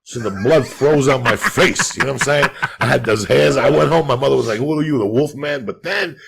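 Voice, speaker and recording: A man from Cuba, a podcast host, telling crude comic stories in a profane, rambling, animated way. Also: mid-range voice, brisk, gravelly, very noisy.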